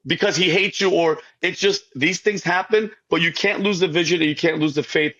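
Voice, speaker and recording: Speaking a little fast in a sharp, somewhat high voice with the highs cut off, a man tells his faith story on a podcast with deep feeling. His telling is rambling and stammering, full of restarts, and he repeatedly calls the host by name.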